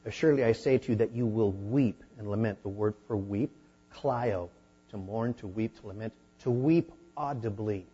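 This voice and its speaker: A man preaching a sermon as a pastor, teaching a Bible passage in a conversational way and rising to animated emphasis at times. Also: mid-range voice, slightly rough, highs cut off.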